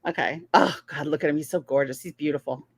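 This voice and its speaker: A woman hosting a podcast, gushing and excitable in casual chat. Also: low-pitched, quick pace, slightly rough, no room sound. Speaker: podcast host.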